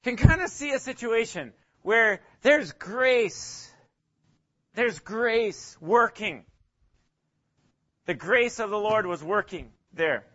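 A man's voice: high voice, expressive, takes it slowly, pauses often, a bit bright, highs cut off. A man leading a casual Bible study, talking hesitantly with frequent chuckles and acting out little quotes. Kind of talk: casual interactive Bible teaching.

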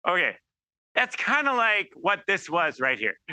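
A man giving an informal sermon, animated and acting out quoted voices, with many restarts. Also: high-pitched, a little slow, clean tone, no echo. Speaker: preacher.

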